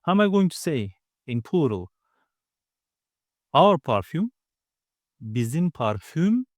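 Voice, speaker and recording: A man teaching a grammar lesson, explaining patiently step by step and repeating words slowly. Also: fairly high pitch, sing-song, no echo, studio quality. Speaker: language teacher.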